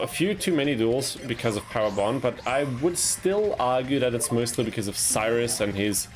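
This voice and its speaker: A young man from Austria chatting casually while streaming a card game, laughing at himself and yelping at his mistakes. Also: mid-range voice. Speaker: gaming streamer. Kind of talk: casual gameplay commentary with chat.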